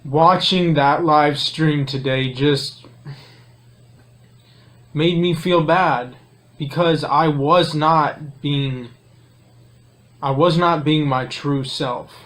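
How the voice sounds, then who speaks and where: Guy with a slightly high voice, talks real slow, sighing and hesitant, beating himself up. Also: fairly even intonation, a bit bright. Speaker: guest. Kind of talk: emotional confession.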